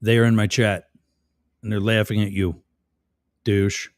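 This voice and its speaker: A man's voice: fairly low pitch, flat delivery, unhurried, dry recording, clean studio sound. A man hosting a live stream, reading chat comments aloud and mocking the commenters sarcastically. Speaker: livestream host.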